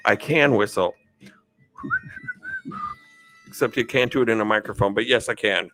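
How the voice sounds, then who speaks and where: A man's voice: medium pitch, huge pitch swings, slow pace, gravelly, pauses often, a bit bright, faint music behind, rough recording. A man hosting a live stream, answering chat questions in a chatty way, laughing often and losing his train of thought. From United States. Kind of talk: casual chat.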